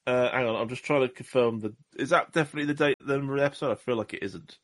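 A man's voice: medium pitch, fast talker, dry recording. A man hosting a podcast in casual chat, rambling and self-deprecating with jokes. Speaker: podcast host.

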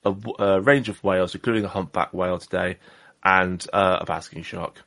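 A man's voice: sits low, fairly even intonation, fairly quick, fairly bright tone, no echo. A man, hosting a podcast in a jokey, rambling, self-deprecating way. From Southwest England. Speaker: podcast host. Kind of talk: casual chat.

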